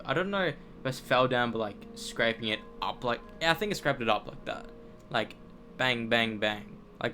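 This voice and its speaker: A man's voice: medium pitch, fairly bright tone. A young Australian man chatting casually on a game stream, rambling and swearing, often restarting his sentences. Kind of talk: casual gaming stream chat.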